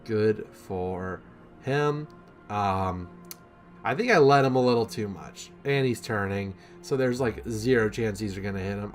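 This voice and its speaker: A young man giving casual, self-deprecating commentary over his own gameplay, with lots of ums and rambling asides. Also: medium pitch.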